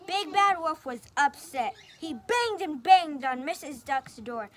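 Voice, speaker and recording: A woman's voice: high-pitched, lively intonation, measured pace, slight background noise. A woman reading a picture book aloud, taking turns with a partner and chatting about the pictures. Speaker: storybook reader.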